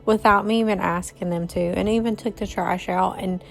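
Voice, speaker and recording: While cleaning her kitchen at home, a woman talks to viewers in a chatty way, addressing them as y'all. Her medium-pitched voice is steady, moderately paced and has vocal fry, with faint music in the background.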